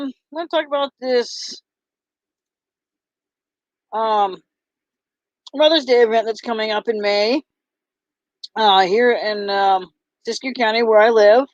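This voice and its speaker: Halting woman, dull lo-fi sound. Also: on the high side, no echo. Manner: halting, full of ums and restarts. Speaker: vlogger and bracelet seller. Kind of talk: casual chat to camera.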